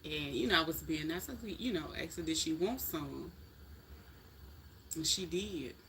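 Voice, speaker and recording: Bright-voiced chatty woman streamer. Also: sits low, lively intonation, moderate pace, a little hiss or hum. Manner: chatty, folksy, talks straight to viewers. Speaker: livestream host chatting with viewers. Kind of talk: casual live chat.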